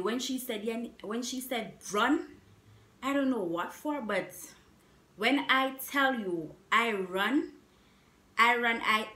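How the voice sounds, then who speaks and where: A young woman vlogger telling a story in a casual, animated way, repeating herself with emphatic asides. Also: medium pitch. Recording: echoey room.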